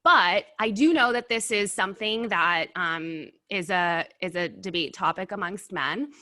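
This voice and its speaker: Bright-voiced woman hosting a food chat. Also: lowish voice, unhurried. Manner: eats while talking, animated and blunt. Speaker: host. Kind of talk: casual food review chat.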